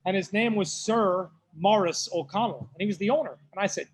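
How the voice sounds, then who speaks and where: A high-pitched, brisk-talking Irishman with a Mayo accent runs a live whiskey tasting in a pub, making casual conversation with the group and slipping in loose storytelling asides. He hails from County Mayo, and the recording is rough.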